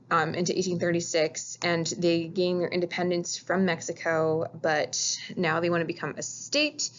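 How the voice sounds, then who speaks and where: A woman's voice: on the low side, fairly bright tone, dull audio, slight background noise. A woman teaching a casual recorded history lecture, chatty and informal, pointing at a map as she explains. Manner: chatty, says "gonna" and "like", acts out quotes.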